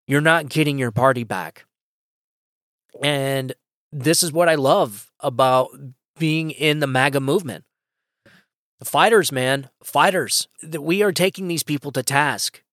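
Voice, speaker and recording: A man's voice: fairly high pitch, normal speed, fairly bright tone, dry recording, studio quality. A man hosting his own political podcast, delivering an impassioned, emphatic solo opinion monologue that rambles with frequent restarts. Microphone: podcast microphone.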